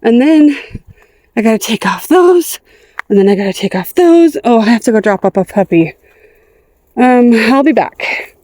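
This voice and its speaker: A woman's voice: a little high, animated, moderate pace, long pauses, warm tone, dry recording. A middle-aged woman chatting casually as she walks through her garden, talking to her dogs and plants, her voice going in and out. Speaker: gardening vlogger. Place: outdoors in a backyard garden.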